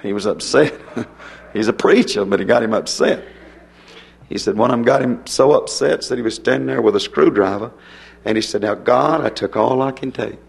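Gravelly preacher. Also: male voice, medium pitch, moderate pace. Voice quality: gravelly, husky voice. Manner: folksy storytelling preaching with sudden emphatic rises. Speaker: pastor. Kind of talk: sermon.

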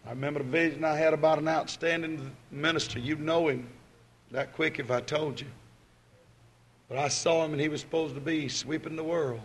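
Preacher, male, fairly high-pitched, folksy, alternates booming calls and soft asides. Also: steady tone, a little fast, breathy edge. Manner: folksy, swinging from loud exhortation to quiet asides. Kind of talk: sermon.

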